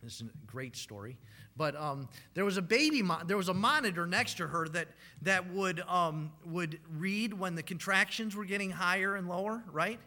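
A man's voice: sits high, lively intonation, moderate pace, pushed and bright. A man in his thirties preaching a sermon as a pastor, telling stories in a conversational way with frequent "right?" tags and ums.

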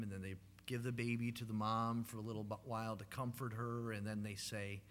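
A man's voice: on the low side, level tone, a little fast, hardly any pauses, a little hiss or hum. A man in his thirties preaching a sermon as a pastor, telling stories in a conversational way with frequent "right?" tags and ums.

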